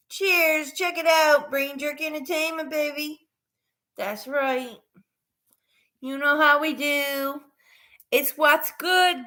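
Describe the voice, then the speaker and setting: A woman's voice: high-pitched, lively intonation, very slow, pauses often, bright, forceful tone. A woman vlogger in casual chat, rambling and laughing often as she talks. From Newfoundland, Canada.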